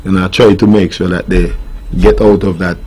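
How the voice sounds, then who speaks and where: A man's voice: low-pitched, level tone, normal speed, a little mellow, husky. A middle-aged man with a Nevisian Caribbean accent, a steel pan tutor talking earnestly in a radio interview and turning firm over his rules. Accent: Nevisian Caribbean English. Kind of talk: casual interview answers. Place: radio studio.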